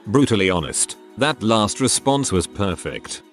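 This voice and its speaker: A man with a fairly low voice reads a compilation of online stories as a scripted narration. His pitch moves around a lot, and he spells out abbreviations letter by letter. Soft background music plays underneath. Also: very animated, a little slow.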